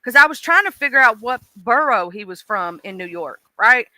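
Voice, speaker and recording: A woman's voice: a little high, lively intonation, normal speed, pushed and bright, no echo. A woman with a mixed Southern accent, chatting casually on a live stream and talking straight to her viewers in a folksy way.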